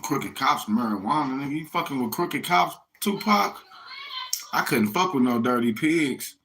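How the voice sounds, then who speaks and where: This American man has a mid-range voice with some vocal fry and talks at a moderate, animated clip over a noisy background. His rambling, casual monologue is full of profanity and street slang aimed directly at listeners.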